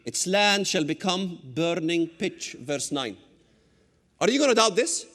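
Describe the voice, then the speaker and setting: High-voiced man preaching emphatically. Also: lively intonation, a little slow. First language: Arabic. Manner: emphatic, bursts into shouts, teasing asides. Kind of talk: fiery sermon lecture on scripture. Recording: long hall reverb.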